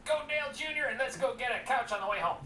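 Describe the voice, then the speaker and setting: A man joining a casual comedy chat, chiming in with quick quips. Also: very high voice, bright, forceful tone, husky.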